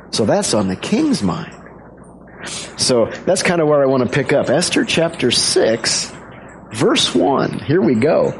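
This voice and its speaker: A man preaching a sermon as a pastor, retelling a story in a casual, conversational way with quick asides. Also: mid-range voice, big pitch swings, slight background noise, poor audio.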